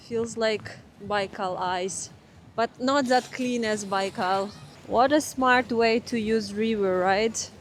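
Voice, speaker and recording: A woman's voice: mid-range voice, a bit bright, slight background noise. A young Russian woman vlogging outdoors in winter with a Russian accent, chatting casually, exclaiming in wonder and hunting for English words. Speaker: travel vlogger. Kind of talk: casual travel vlog narration. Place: outdoors in a snowy city, in winter. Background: background music.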